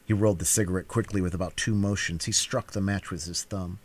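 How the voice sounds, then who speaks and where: A male reader performs a cold-read audiobook narration with a measured, quiet delivery. His voice is very low and deep, and his pacing stays even and steady.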